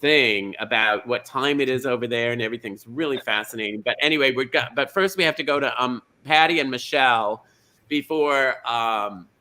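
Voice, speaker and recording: A man's voice: mid-range voice, normal speed, bright, forceful tone, natural voice. A man playing a chatty middle-aged small-town lady who hosts a comedy bingo show, gushing and rambling, tripping over names, on a video call. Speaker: host. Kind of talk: comedic drag character hosting.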